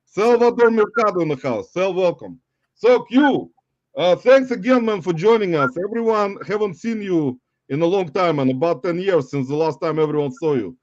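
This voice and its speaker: A high-voiced man hosting a loose, jokey livestream, laughing between lines. His audio is dull and lo-fi, and the sound is dry and close, with no room around it. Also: animated, moderate pace, a little mellow, no room sound. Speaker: livestream host. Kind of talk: casual livestream chat.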